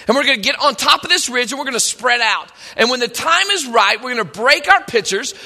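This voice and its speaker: A man voicing a bold male army commander who rallies his troops with brisk orders. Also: very high voice, animated, sharp tone, heavily acted. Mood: rousing. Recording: long hall reverb.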